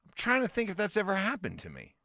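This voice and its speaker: A man co-hosting a casual sports talk radio show, animated and quick with jokes. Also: high voice, no room sound, studio quality. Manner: animated, quick jokey back-and-forth. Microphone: studio broadcast mic.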